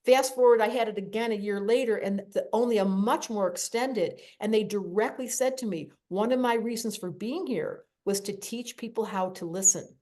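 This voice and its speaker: A woman hosting a podcast interview, telling personal stories in an animated, emotional way. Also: mid-range voice, moderate pace, hardly any pauses. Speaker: podcast host. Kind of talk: conversational interview.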